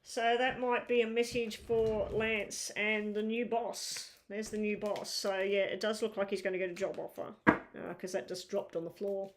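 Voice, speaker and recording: A woman's voice: mid-range voice, level tone, moderate pace, slight background noise. Chatty woman reading tarot live. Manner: chatty, reassuring, thinks aloud while reading cards. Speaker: tarot reader.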